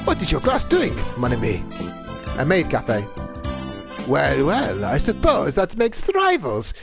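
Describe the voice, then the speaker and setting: A man's voice: a little high, huge pitch swings, a little slow, vocal fry, over music, voice pushed down, full character voice. A man voicing a flamboyant young male bird schoolboy in a dating game, with theatrical flourish and French endearments. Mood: smug.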